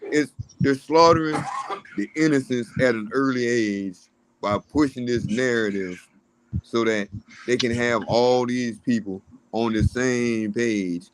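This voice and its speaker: A man speaks bluntly and with strong opinions, swearing in an easy, conversational way. His pitch sits in the middle, with a light hiss behind the voice. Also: unhurried, rough recording. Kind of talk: casual chat.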